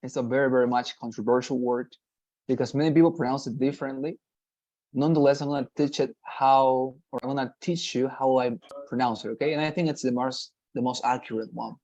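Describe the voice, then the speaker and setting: A man's voice: mid-range voice, steady tone, a little mellow, no echo, lo-fi sound. Patient man teaching English pronunciation. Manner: patient, repetitive, models pronunciations slowly, frequent "right?" checks. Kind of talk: online lesson.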